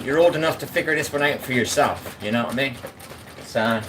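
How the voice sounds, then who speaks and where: This casual live-stream chat features a man washing up and talking bluntly to his chat, frequently checking if you know what he means. His medium-pitched voice moves fairly quickly, and background noise is audible.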